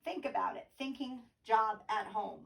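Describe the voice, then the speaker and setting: A woman's voice: fairly high pitch, expressive, moderate pace, vocal fry, distant mic. A woman teacher giving a remote poetry lesson from home, explaining patiently and tapping out rhythms aloud.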